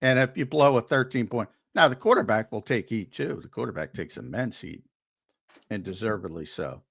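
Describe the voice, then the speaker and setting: A man's voice: on the low side, lively intonation, normal speed, gravelly, a bit bright, husky. A man co-hosting a sports talk show, arguing his points emphatically and often repeating words as he gets worked up. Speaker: co-host and sports analyst.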